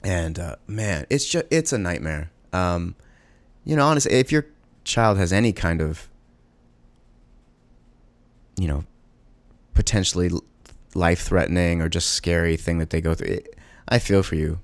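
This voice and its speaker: A man, a parent of a young child, talking through a personal monologue in a halting, emotional way with many fillers and restarts. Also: sits low, expressive, no echo.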